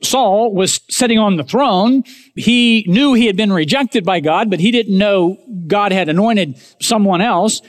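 A man preaching a sermon as pastor, emphatic, rising to raised declarations and dropping to hushed asides while speaking directly to his congregation. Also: sits high, a little slow. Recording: long hall reverb.

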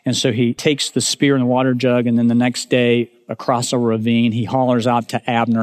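A man's voice: medium pitch, flat delivery, a little fast, few pauses. Emphatic preacher man in reverberant hall. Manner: emphatic, swinging between raised declarations and hushed asides; addresses the congregation directly. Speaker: pastor. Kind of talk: sermon.

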